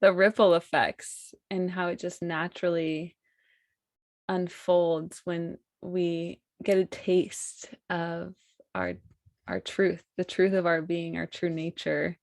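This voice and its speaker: Woman host, flat steady voice, dry close sound, soft and affirming. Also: fairly low pitch, takes it slowly, dry recording. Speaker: podcast host. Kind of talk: casual podcast conversation.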